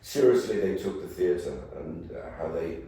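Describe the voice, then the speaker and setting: Older man, Birmingham accent, rambling guest speaker; low voice, distant mic, big reverberant hall. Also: normal speed, creaky, mellow. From England. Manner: rambling, jokey, casually swearing. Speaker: guest actor. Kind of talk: anecdotal talk and Q&A. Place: event room before a live audience.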